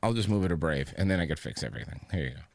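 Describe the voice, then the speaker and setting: A male podcast host talking in a loose, rambling way, cursing freely and breaking into laughter as he goes. His pitch swings widely, and his voice sounds dry and close, with no room around it. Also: expressive, racing, gravelly, no room sound. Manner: rambling, profane, laughs often. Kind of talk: casual chat.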